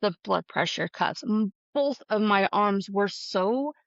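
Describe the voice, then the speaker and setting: A woman's voice: medium pitch, lively intonation, takes it slowly, gravelly. A woman speaks as a guest on a podcast, talking openly and with feeling, often with "um" and "you know". The audio sounds muffled and lo-fi. There is no room echo around her voice. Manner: candid and emotional, with frequent fillers and laughs. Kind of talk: casual conversation.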